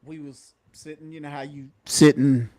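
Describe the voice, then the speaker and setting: A man's voice: a little high, level tone, normal speed, a little mellow. A man who is a retired police officer and comedian, telling folksy patrol stories in casual podcast chat. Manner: folksy, Southern-flavored slang, chuckles at his own stories.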